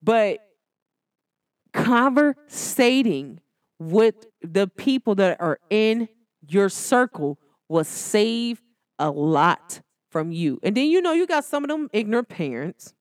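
A young woman, talking to listeners on her podcast in a casual, sassy, animated way. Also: takes it slowly, no echo, clean studio sound. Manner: animated, sassy, jumps into high exclamations. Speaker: podcast host. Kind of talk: casual solo podcast talk.

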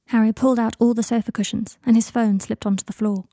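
A woman narrating a fan fiction story in a soft, low-key way that drops to whispers. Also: fairly even intonation, quick pace, dry recording, clean studio sound. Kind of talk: audiobook reading of fan fiction.

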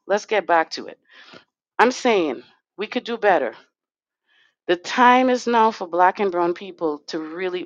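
A woman's voice: lowish voice, dry recording, muffled recording. A woman delivering an impassioned, confrontational podcast monologue as an organizer. She is blunt, swears freely and speaks straight to her listeners. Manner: talks straight to the chat audience. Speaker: podcast co-host and community organizer.

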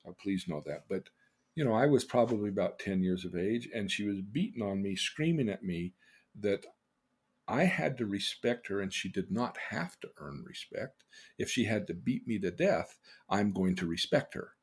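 Husky older man telling personal stories. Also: on the low side, lively intonation, moderate pace. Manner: earnest and emotional, voice swinging between loud and hushed. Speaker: podcast host. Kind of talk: personal storytelling.

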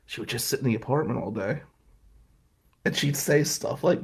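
A man's voice: mid-range voice, normal speed, gravelly, breathy edge. A man in his forties telling a rambling, profane personal story to his viewers in a casual vlog. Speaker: vlogger.

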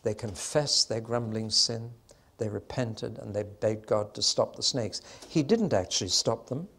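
An older man delivers a Bible teaching in sermon style, telling the story with emphasis. He slows down and leans on the key moments to give them weight. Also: fairly low pitch, gravelly, a bit bright, slightly rough.

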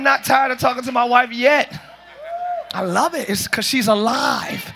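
A man preaching a lively sermon as pastor to a congregation, joking and calling out to them. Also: very high voice, normal speed, vocal fry, some chatter behind. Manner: shouting, joking, calls to the congregation. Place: large church with congregation.

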